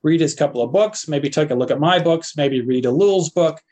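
Older guy lecturer on a podcast, kinda high voice, earnest, keeps restarting sentences. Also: a little fast, a little mellow. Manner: hesitant, many restarts, earnest. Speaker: philosophy lecturer and guest. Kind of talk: podcast interview answers.

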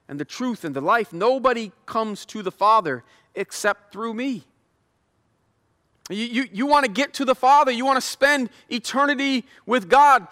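Animated slangy preacher man in a hall. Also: extremely high pitch. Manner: conversational, slangy, animated retelling. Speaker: pastor. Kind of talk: casual sermon with paraphrased scripture.

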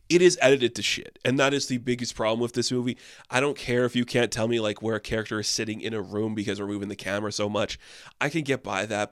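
A man's voice: fairly low pitch, fairly bright tone, dry recording, studio quality. A young man giving a casual, sarcastic movie review, rambling and exasperated, with lots of filler words.

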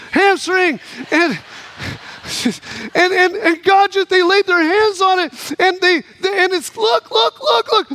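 High-pitched preacher man, acts out the people in his story, gets loud, dry close sound. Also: no echo. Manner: animated, acts out the voices in his story, rising to near shouts. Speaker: pastor. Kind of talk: sermon with storytelling.

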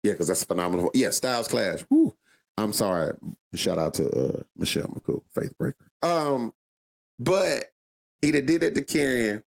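A man's voice: medium pitch, expressive, moderate pace, vocal fry. A man co-hosting a podcast, telling a wrestling story in slangy casual chat, laughing often. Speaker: podcast co-host.

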